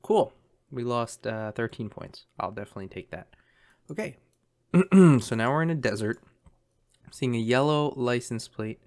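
A man's voice: mid-range voice, expressive, normal speed, a little mellow. A man commentating a map guessing game, thinking aloud in a chatty way with lots of ums. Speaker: game streamer.

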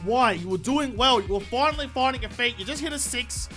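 Aussie guy ranting over gameplay, high sharp voice, swears a lot, faint music behind. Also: a little fast. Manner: sweary, excitable ranting at the game. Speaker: gaming YouTuber. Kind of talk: gameplay commentary.

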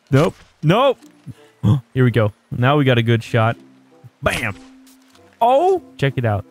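A man giving casual let's-play commentary, excitable, laughing often and exclaiming at the game. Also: mid-range voice. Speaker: gaming video host.

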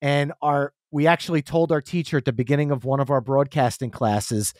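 A man's voice: mid-range voice, fairly quick, dry recording, clean studio sound. A man in his forties, a podcast guest, telling stories in casual chat and acting out what people said. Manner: animated storyteller, acts out quotes. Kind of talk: casual storytelling.

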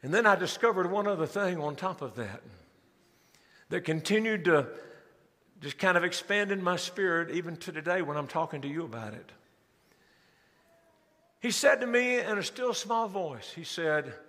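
A man preaching a sermon in a large church, his voice high and bright. He swings between quick bursts and slow, drawn-out stressed words. The sound carries a long hall reverb. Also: lively intonation. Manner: preaching with rising emphasis and slowed, stressed phrases. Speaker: pastor.

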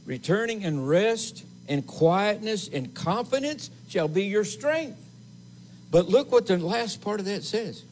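A man preaching a sermon as assistant pastor in a church, slow and emphatic, with repeated phrases and pauses. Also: sits high, very animated, darkish tone, slight background noise, poor audio. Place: church sanctuary.

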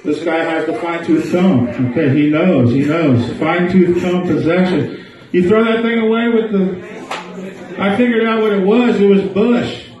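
A man's voice: high-pitched, a little slow, darkish tone, distant mic. A man doing a crude live stand-up set in a small bar, riffing with the crowd. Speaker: stand-up comedian. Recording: echoey bar, mic heard from afar.

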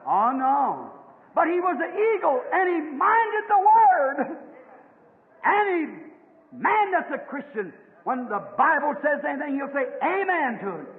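A man preaches with fervor in a very high voice, shifting from hushed storytelling to loud, shouted appeals. The sound is thin and phone-like, from an old archival recording. A long hall echo trails behind each phrase. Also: very animated, a little slow. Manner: rises from low storytelling to shouted exhortation. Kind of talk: fervent sermon storytelling.

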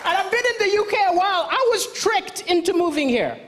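A man's voice: extremely high pitch, sing-song, a little fast. A man from Malawi performing a stand-up comedy set on a large stage, with punchy, self-deprecating delivery. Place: large theatre stage before an audience. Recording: loud live audience and crowd noise.

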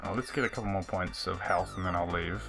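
A man giving casual, excitable commentary on a retro game he is playing, swearing and laughing at it. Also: sits low, fast, gravelly. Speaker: let's play host. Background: faint game music.

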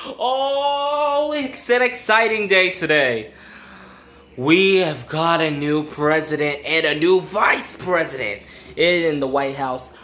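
A young woman vlogging to her viewers, gushing with excitement and swearing freely. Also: low voice, takes it slowly, reverberant. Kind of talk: excited casual vlog.

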